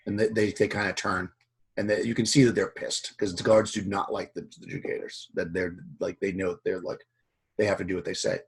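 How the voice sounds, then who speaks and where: A man narrating a tabletop role-playing game as game master, relaxed and rambling. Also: low voice, a little fast, husky.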